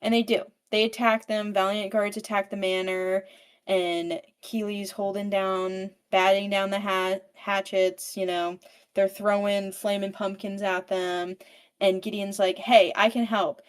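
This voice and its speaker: A woman's voice: mid-range voice, a little slow, clear, resonant tone. Foul-mouthed woman recapping a book. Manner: swears freely, fills speech with "like"; animated storyteller, paraphrasing characters. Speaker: book podcast participant. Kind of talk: casual book recap chat.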